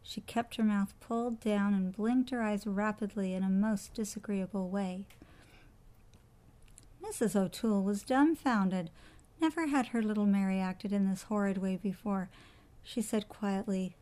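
A woman narrating a children's storybook aloud with an expressive storytelling delivery. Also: mid-range voice, moderate pace.

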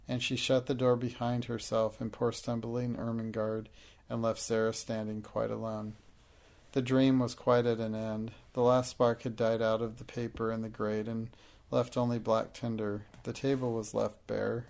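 A man narrating an audiobook in a steady, measured way. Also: medium pitch, creaky.

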